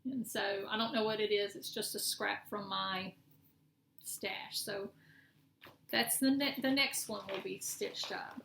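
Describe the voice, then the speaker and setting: Measured and fairly even, a medium-pitched woman's voice with vocal fry and a fairly bright tone narrates a cross-stitch vlog. She's middle-aged, chatting casually and rambling as she shows her work, often correcting herself; the room echoes slightly with faint noise.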